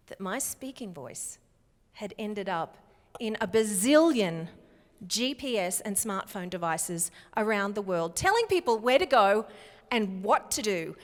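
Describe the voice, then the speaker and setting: An Australian woman telling stories in a live keynote speech, animated and acting out quoted voices. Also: mid-range voice. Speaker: keynote speaker. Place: conference hall. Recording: long reverb of a conference hall.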